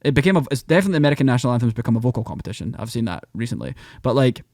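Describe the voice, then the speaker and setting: A man with a Scottish accent, a podcast guest who talks in animated, rambling bursts. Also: mid-range voice, racing, gravelly, no echo, studio quality. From Scotland. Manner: animated, rambling, breaks into mock voices. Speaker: podcast guest, country singer. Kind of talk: casual podcast chat.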